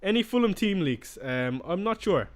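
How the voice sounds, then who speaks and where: A man's voice: sits high, animated, moderate pace. A young man chatting casually on a live stream, reading out and answering viewer questions as he goes.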